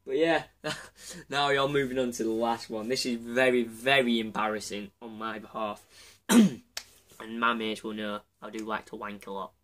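Laughing at himself, a Yorkshire-accented host chats his way through embarrassing personal stories on his channel. His mid-range voice is fairly bright, with fairly even intonation and a moderate pace.

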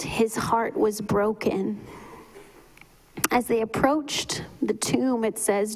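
Slow, hushed woman preaching. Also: fairly high pitch, low-quality recording. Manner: slow, measured, often drops to a whisper. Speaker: pastor giving a eulogy. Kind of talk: memorial sermon.

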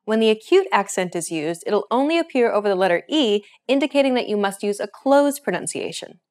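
A woman hosting a language lesson, reading a script with a clear, upbeat teacher's delivery. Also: medium pitch, lively intonation, a little fast, darkish tone.

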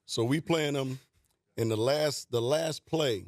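A man, a former player, casually retelling a game story with rapid, incredulous delivery. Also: mid-range voice, a little mellow, dry recording, clean studio sound. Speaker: former player telling stories. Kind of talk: casual anecdote telling.

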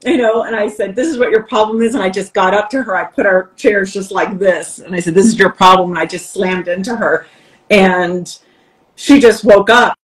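On a low-quality recording, a woman with a medium-pitched voice speaks at normal speed. A coach appearing as a podcast guest, she tells candid stories with lively energy, mimicking quoted voices and laughing while she talks.

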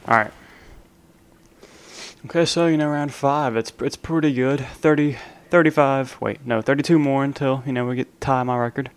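A man's voice: mid-range voice, steady tone, normal speed, smooth. Joking young man narrating live gameplay. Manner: casual, joking banter at other players. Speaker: gaming channel host. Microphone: desk microphone, leaning in to be heard.

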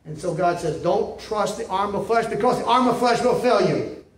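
A male pastor with a high, animated voice preaches a sermon at a moderate pace, emphatic and repetitive, often checking in with "see?". The recording sounds echoey, as if the mic were set at a distance.

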